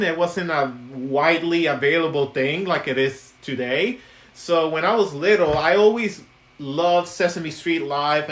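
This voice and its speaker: Male puppet maker chatting on a live stream, a bit high-pitched, rambling and giggly, roomy sound. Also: a bit bright. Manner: chatty, giggly, lots of ums and restarts. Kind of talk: casual live stream chat. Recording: echoey room.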